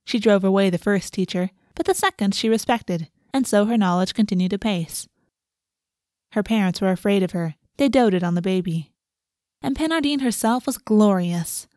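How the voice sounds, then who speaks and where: In a mid-range voice and at a moderate pace, a woman narrates a storybook with a steady, even reading tone. The recording is dry, with clean studio sound.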